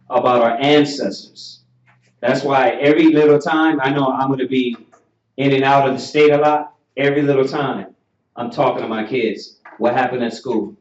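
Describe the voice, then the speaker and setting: Heard from far off the mic in a muffled, roomy recording, a Southern US man teaches a class like a sermon in an echoey room. His voice is mid-range, and he grows preachy and emphatic, nearly shouting and stretching out repeated questions.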